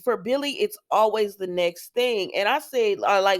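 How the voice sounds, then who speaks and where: A woman at a middle pitch talks through soap opera episodes in a relaxed, chatty way. She tells the story with lively asides to the people watching. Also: moderate pace. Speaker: soap opera recap host. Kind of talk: casual recap chat.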